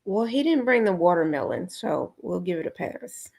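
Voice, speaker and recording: A woman co-hosting a relaxed TV review chat from a video call. Her voice is husky and gravelly, with a breathy edge. She drops short, dry remarks. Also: on the low side, moderate pace. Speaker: review co-host.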